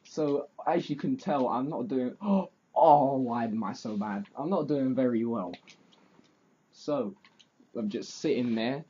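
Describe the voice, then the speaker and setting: A man's voice: mid-range voice, warm tone, husky, dull audio. A teenage boy telling a rambling, self-mocking story for his vlog, full of fillers. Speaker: vlogger.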